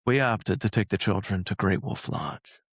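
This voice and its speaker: A man's voice: on the low side, normal speed, breathy edge, dry recording, clean studio sound. A man in his thirties hosting a podcast, telling stories with playful exaggeration in casual chat. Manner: animated storyteller, playful exaggeration. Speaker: podcast host.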